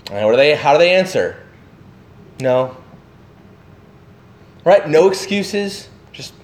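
A man giving a sermon, animated and full of questions to his listeners, acting out the voices of the people in his story. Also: fairly high pitch, slow pace, long pauses, reverberant, a little hiss or hum. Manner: animated, acts out voices of the disciples; asks the listeners many questions. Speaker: pastor.

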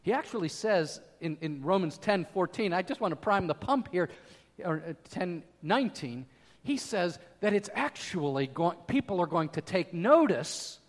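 A man preaching a sermon as pastor, emphatic, swinging from loud declarations to quiet asides. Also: high voice, big-room sound.

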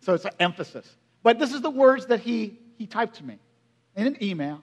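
Man, pastor, sermon, fairly high voice, chatty, questions to the room. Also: animated, normal speed. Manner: conversational, asks the congregation questions; drops to a quiet, hushed voice at emotional moments.

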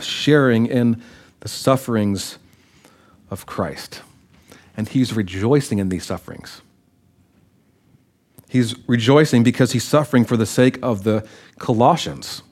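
Guy preaching a bible lesson, middle pitch, chatty, keeps asking the room if they're with him. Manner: conversational, checks in with listeners. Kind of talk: sermon-style Bible teaching.

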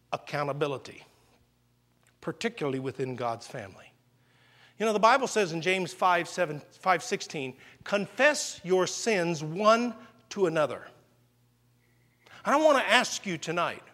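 A male preacher delivering a sermon in a church, his voice pitched high and rising and falling with great liveliness. He tells stories with dramatic swings, from loud exclamations down to slow, hushed emphasis. The sound carries a long reverb from the hall. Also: very animated.

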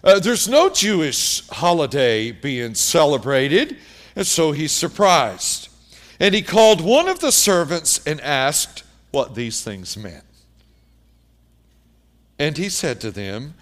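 A man's voice: a little high, very animated, slow pace, fairly bright tone. A man preaching a sermon, emphatic, repeating key phrases and speaking directly to the congregation. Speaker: pastor.

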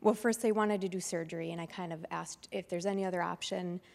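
Woman sharing her testimony at church, lowish voice, hall echo. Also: fairly even intonation, fast, gravelly, darkish tone. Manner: unscripted, with hesitations. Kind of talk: personal testimony to a congregation.

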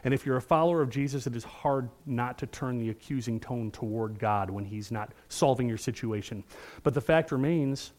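A man's voice: mid-range voice, normal speed, a little mellow. A middle-aged male pastor preaching a sermon in an earnest, conversational way, often checking in with the room.

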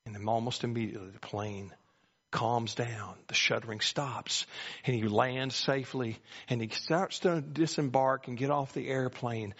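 A pastor preaching a sermon, telling folksy stories with sweeping pitch. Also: male voice, fairly bright tone, breathy edge. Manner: folksy storytelling with dramatic pitch swings. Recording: muffled lo-fi recording.

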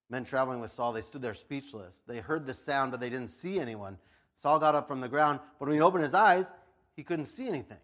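A man's voice: mid-range voice, fairly quick, a bit bright. A male pastor giving a casual, chatty sermon, telling the story with frequent laughs and acted-out voices. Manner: chatty, laughs often, lots of "like".

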